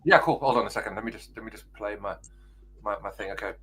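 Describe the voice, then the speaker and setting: A man's voice: on the low side, fast talker, sharp tone, slightly rough. A British man hosting a casual podcast over a video call, playful and rambling with flustered asides. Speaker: podcast host. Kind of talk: casual chat.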